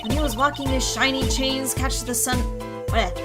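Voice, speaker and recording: Woman voicing a sour young female detective, high-pitched, loud game score. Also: steady tone, normal speed, close to an everyday voice. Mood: grumbling. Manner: sour, complaining. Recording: loud game music behind.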